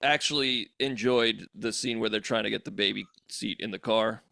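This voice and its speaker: A man's voice: lowish voice, moderate pace, gravelly, pushed and bright, no room sound, clean studio sound. A man on a podcast, bantering casually and teasing the others with laughs. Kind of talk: casual chat.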